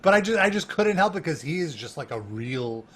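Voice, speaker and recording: A man guesting on a podcast, telling an animated story with laughter and lots of "like" fillers. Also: a little high, a little fast, a crowd in the background. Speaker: guest, music journalist.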